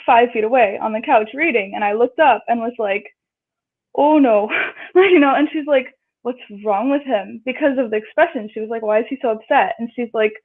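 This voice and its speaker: A chatty woman with a high voice, telling a story and jumping up in pitch whenever she acts out what people said. She comes through a thin, tinny phone line, with the audio squeezed and narrow. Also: fairly quick. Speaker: guest. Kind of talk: casual storytelling.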